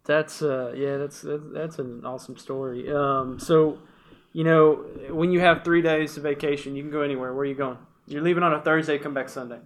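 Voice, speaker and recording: Higher-voiced man asking quick questions. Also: steady tone. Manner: brief reactions and quick questions. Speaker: interviewer. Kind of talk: casual interview.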